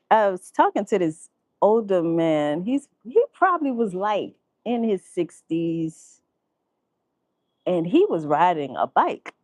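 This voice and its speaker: A woman vlogger, telling a story in profane, animated casual commentary and laughing often. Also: mid-range voice, no echo.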